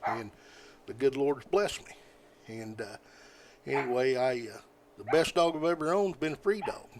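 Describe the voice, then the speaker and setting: Older man, folksy rambling storyteller, halting, mid-pitched voice. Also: background noise. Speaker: podcast guest. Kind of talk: casual storytelling.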